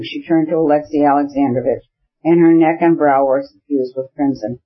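A man narrating a classic novel in an audiobook, with a measured, even reading. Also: on the high side. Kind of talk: scripted narration. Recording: dull lo-fi audiobook recording.

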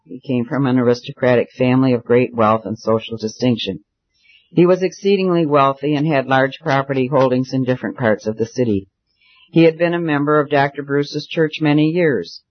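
A man reading a novel aloud in a steady, earnest manner. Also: mid-range voice, no echo. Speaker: audiobook narrator. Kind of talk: scripted narration. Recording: dull dry recording.

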